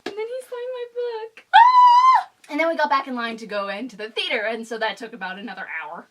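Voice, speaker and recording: A woman's voice: on the high side, pushed and bright. A young woman telling a storytime vlog with bubbly, gushing enthusiasm. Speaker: vlogger.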